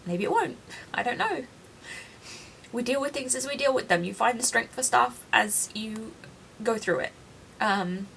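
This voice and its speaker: Tearful, gravelly woman in her thirties. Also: a little high, fairly bright tone, slight background noise. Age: 30s. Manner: tearful, confiding and self-deprecating. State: crying. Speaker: vlogger. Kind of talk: personal video diary.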